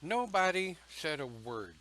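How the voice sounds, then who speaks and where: A man speaks slowly and takes his time, pausing often between phrases. His voice is bright and forceful, with a folksy, emphatic storytelling manner. He sounds like he is talking casually to a camera. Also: on the high side, very animated, poor audio. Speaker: pagan church speaker.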